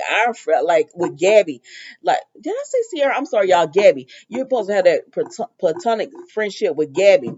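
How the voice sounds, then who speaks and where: A woman's voice: fairly low pitch, darkish tone, dull audio. A woman casually recapping a soap opera episode, retelling scenes in quoted lines and making asides to her viewers.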